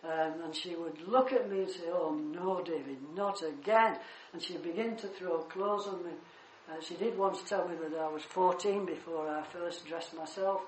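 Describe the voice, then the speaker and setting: Older preacher in an echoey church. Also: male voice, high-pitched, normal speed, crowd noise. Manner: animated storytelling, swells loud on key words. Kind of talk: sermon with personal anecdote.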